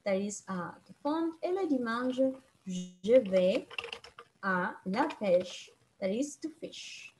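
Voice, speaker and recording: A woman's voice: a little high, expressive, mellow, slight background noise. Woman teacher, online class over video call, patient and repetitive. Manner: patient, repeats and translates phrases slowly.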